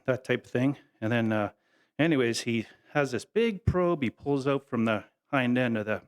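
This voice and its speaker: A middle-aged man giving a memorial speech, telling folksy, humorous stories in a casual, halting way. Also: mid-range voice. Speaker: family member giving a eulogy.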